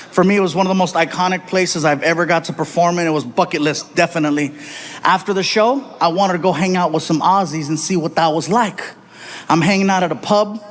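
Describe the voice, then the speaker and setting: High-voiced animated stand-up comedian, man. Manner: animated, acts out voices and shouts. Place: comedy stage before a live audience.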